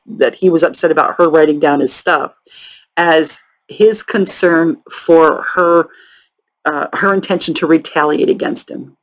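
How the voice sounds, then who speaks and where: A woman's voice: sits low, poor audio. Sarcastic, chatty woman telling true crime. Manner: chatty, profane and sarcastic asides; halting, many ums and restarts. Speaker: true crime podcast host. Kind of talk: casual true crime storytelling.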